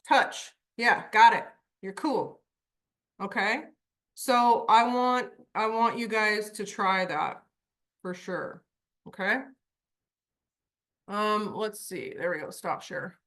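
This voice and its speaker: A woman's voice: mid-range voice, slow pace. A woman coaching horse owners on a video call, telling stories and acting out the voices in them. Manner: lively storyteller, acts out voices. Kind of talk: online group coaching call.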